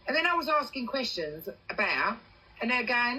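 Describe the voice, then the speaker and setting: An English woman on a casual livestream, telling a personal story in animated bursts and swearing freely. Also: on the high side, brisk, husky, poor audio. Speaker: TikTok livestreamer.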